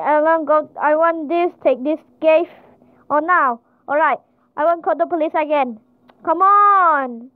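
Woman gamer, very high voice, slow halting delivery, panicky exclamations, tinny phone-like dry sound. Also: no room sound. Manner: excitable, frequent panicked exclamations. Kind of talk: panicked gameplay commentary.

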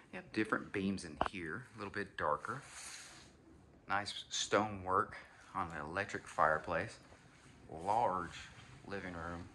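A man's voice: sits low, noisy background. A man giving a casual, enthusiastic walkthrough of a new house, talking to viewers as y'all. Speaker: home tour host. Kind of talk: walkthrough home tour narration.

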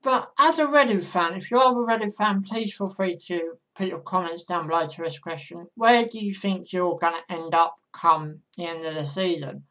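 A woman's voice: lowish voice, normal speed, few pauses, fairly bright tone. A woman vlogger giving casual football predictions in a chatty monologue, talking straight to her viewers.

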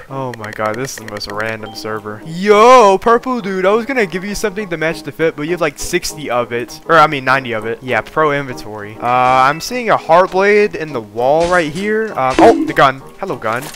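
Man, gameplay commentary, excitable and jokey, lively swinging pitch, bright tone. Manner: excitable, jokey, reads chat aloud, frequent laughs. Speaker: gaming video creator.

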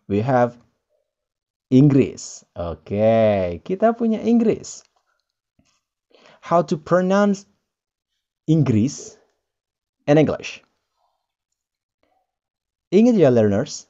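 An English teacher, running a pronunciation lesson, repeating each word slowly and emphatically, with playful chatty asides. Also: mid-range voice, huge pitch swings, mellow, dull audio. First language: Indonesian. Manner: slow, emphatic repetition of words. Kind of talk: pronunciation lesson, drilling words.

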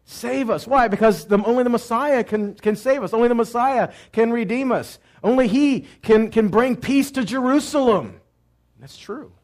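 Preaching a teaching sermon at a moderate pace, this high-voiced messianic teacher frequently asks his audience questions before supplying the answers. His delivery swings from loud cries to quiet asides.

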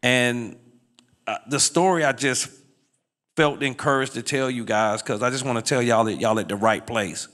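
Speaking at a moderate pace, a middle-aged man gives his life testimony as a guest speaker. His voice sinks low and soft through the narrative before climbing loud and high as he urges the audience on.

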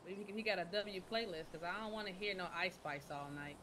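Bright, fast-talking woman on voice chat. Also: lowish voice, a little hiss or hum. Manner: chatty, laid-back slang. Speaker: bride in a role-play wedding. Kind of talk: casual in-character role-play chat.

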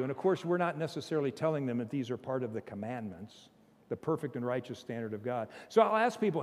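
A man preaching a sermon as pastor, emphatic, swinging from loud bursts to low, intense passages, with humorous asides and chuckles. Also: expressive, fast talker, long reverb tail. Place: church sanctuary.

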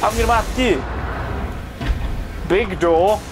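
A man giving chatty, excitable live commentary while playing a video game, talking to his viewers and swearing now and then. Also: high voice, takes it slowly, music in the background. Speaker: gaming video host. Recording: commentary over loud game gunfire.

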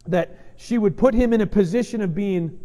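A man preaching a sermon to his congregation in an earnest, emphatic way that moves between loud, urgent passages and soft, gentle ones. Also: high-pitched, normal speed. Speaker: pastor. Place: church sanctuary. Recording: long church reverb.

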